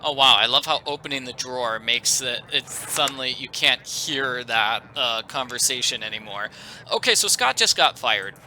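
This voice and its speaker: A man's voice: mid-range voice, expressive, normal speed, bright, forceful tone, slight background noise, poor audio. A man giving casual, enthusiastic gameplay commentary as a let's play host, joking and chatty.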